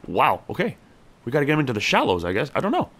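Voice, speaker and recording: A man streams a survival game with casual let's-play commentary, chatting to his character and cheering each catch. His mid-range voice races along with huge pitch swings and sounds a bit bright.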